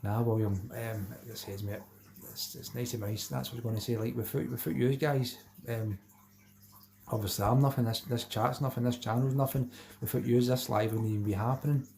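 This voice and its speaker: A man's voice: mid-range voice, steady tone, fairly quick, vocal fry, mellow. A middle-aged Scottish man hosting a live stream, chatting casually with viewers and reading out their comments, repeating himself and calling everyone mate.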